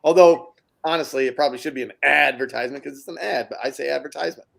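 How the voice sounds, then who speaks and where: A man in blunt, swearing podcast banter, with a gravelly, creaky texture in his voice. His pitch is middle of the road. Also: fast, a bit bright. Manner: blunt, swears, laughs a lot. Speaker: podcast co-host. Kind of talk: casual podcast chat.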